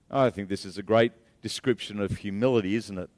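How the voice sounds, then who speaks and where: A man's voice: fairly low pitch, a little fast, hardly any pauses, darkish tone. A man preaching a sermon in a church, earnest and repeating key phrases for emphasis. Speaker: pastor.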